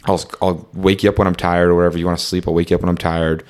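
A young man with a very low, deep voice tells a rambling road-trip story over a casual chat. He leans heavily on "like" and "um" and slips into quick reenactments of the back-and-forth. The delivery stays loose and conversational throughout. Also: level tone. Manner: rambling, fillers like "like" and "um", reenacts dialogue.

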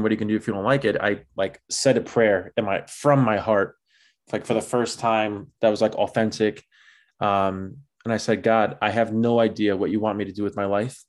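A young man telling a personal story in a casual, chatty way, with many filler words, laughing at himself now and then. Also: lowish voice. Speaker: guest telling his vocation story.

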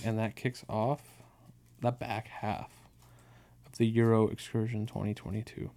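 A man's voice: lowish voice, level tone, unhurried, dark tone. Man, podcast co-host, casual chat, rambling stories, lots of swearing. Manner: swears a lot, loose rambling storytelling.

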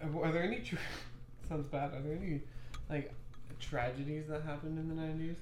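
A man's voice: a little high, steady tone, a little fast, darkish tone, a little hiss or hum. A young man co-hosting a podcast in casual chat, joking around and laughing often. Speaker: podcast co-host. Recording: echoey room.

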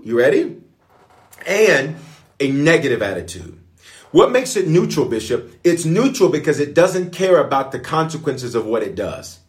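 A man preaching as a pastor, in a lively call-and-response sermon style. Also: on the high side. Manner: call-and-response, animated, playful.

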